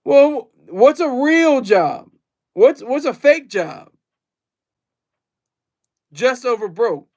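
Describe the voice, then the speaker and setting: High, gravelly-voiced man rambling on stream. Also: big pitch swings, extremely slow, pauses often, darkish tone. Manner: rambling and repetitive, reads chat aloud. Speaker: livestreamer. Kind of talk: casual livestream monologue.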